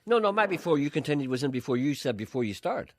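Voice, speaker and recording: A man's voice: fairly high pitch, big pitch swings, fast talker, dry recording. A man co-hosting a casual comic chat, dry and teasing, acting mock-offended. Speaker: co-host.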